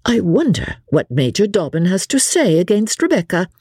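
A woman voicing an offended young widow who speaks low and clear with a slight quiver. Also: very animated, moderate pace, warm tone, no room sound, studio quality. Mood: cold.

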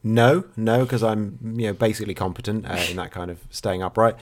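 A man co-hosting a podcast, telling a story with dry, deadpan humour in a relaxed, rambling way. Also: on the low side, brisk. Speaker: podcast co-host. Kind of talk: casual chat.

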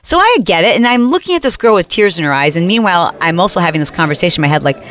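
Animated woman host, storytelling. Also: on the low side. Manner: animated, acts out other people's lines in quick voices. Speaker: podcast host. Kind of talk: casual storytelling monologue.

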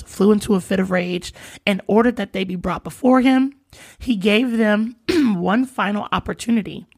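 A woman hosting a casual faith podcast, reading scripture aloud and retelling it with expressive, slangy asides and emphatic repetition. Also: fairly low pitch, vocal fry, no room sound. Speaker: podcast host.

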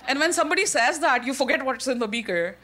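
A woman with an Indian accent telling a personal story on stage, animated and self-mocking, laughing often between lines. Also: high-pitched, quick pace.

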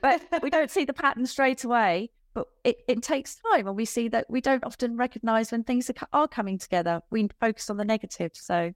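A woman's voice: fairly high pitch, a little fast, few pauses, dry recording. Woman coach chatting on a podcast, laughs a lot, goes off on little tangents, dry close sound. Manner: chatty, laughs easily, self-deprecating asides. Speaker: business coach guest. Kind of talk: casual podcast interview.

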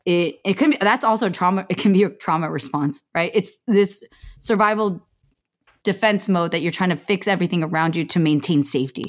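A woman's voice: on the low side, fairly quick. A woman in her thirties, talking reflectively and casually in a podcast chat, with many fillers. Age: 30s. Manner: reflective, chatty, lots of "like".

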